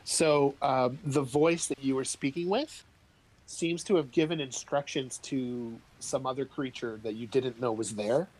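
A man running a tabletop game as game master, describing scenes and calling for rolls with a relaxed, laughing manner. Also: medium pitch, measured pace, poor audio.

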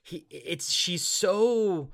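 A man's voice: high voice, expressive, extremely slow, creaky, a bit bright. A man co-hosting a casual film discussion, enthusiastic and rambling, often restarting sentences.

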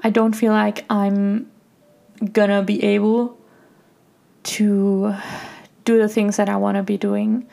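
A young woman hosting her own podcast, talking reflectively and softly in a personal monologue, with many fillers like "like". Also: medium pitch, level tone, slow pace, creaky, long pauses. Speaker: podcast host.

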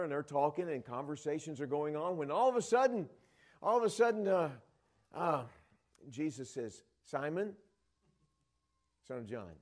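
A middle-aged man from the Dallas area preaching a sermon, retelling Bible scenes and acting out the voices of the disciples. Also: a little high. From Dallas area, Texas.

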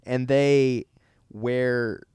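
A man's voice: medium pitch, steady tone, very slow, a little mellow, smooth, no room sound, clean studio sound. A young man co-hosting a podcast, chatting casually in a rambling, joking way. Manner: rambling, laughing, self-deprecating. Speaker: podcast co-host. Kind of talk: casual chat.

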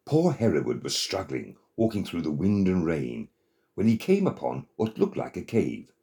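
A man narrating a children's story in an expressive, dramatic manner. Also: low voice, normal speed.

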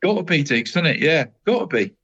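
Chatty man with a fairly high voice. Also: sing-song, brisk, a bit bright, breathy edge, muffled recording. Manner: chatty, says "mate" after nearly every phrase; stumbles and restarts a lot. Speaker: football podcast co-host. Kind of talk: casual rundown of local football results.

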